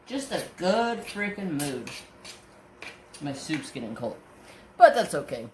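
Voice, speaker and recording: A man hosting a crafting channel, telling a story in casual chat, animated, swearing freely and often repeating and restarting his words. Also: on the high side, slow pace, reverberant, background noise. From Northern California.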